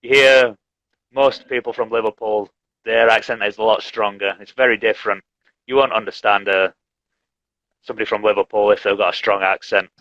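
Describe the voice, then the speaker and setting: Man, teacher, relaxed and chatty. Bright tone, dry close sound. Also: fairly low pitch, fairly quick, no echo, highs cut off. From Leeds, England. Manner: relaxed, chatty, laughs often. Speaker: English teacher, host. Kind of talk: casual live-stream chat. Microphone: video call.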